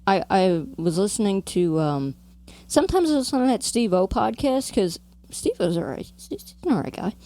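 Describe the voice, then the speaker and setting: A woman's voice: mid-range voice, very animated, moderate pace, mellow. Rambling woman podcaster from New Jersey. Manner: rambling, tangent-prone, lots of "like". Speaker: podcast co-host. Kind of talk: casual chat.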